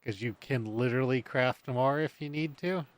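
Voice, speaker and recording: A man's voice: medium pitch, normal speed, no echo. A man streaming a building game, talking to himself in a casual, rambling way and humming under his breath. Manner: mutters and hums to himself while building. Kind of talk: casual gameplay commentary.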